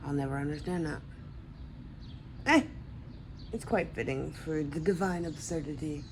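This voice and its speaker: A woman's voice: low-pitched, normal speed, background noise. A woman talking to herself at home in a casual vlog, rambling and groggy. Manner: rambling, groggy self-talk. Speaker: vlogger.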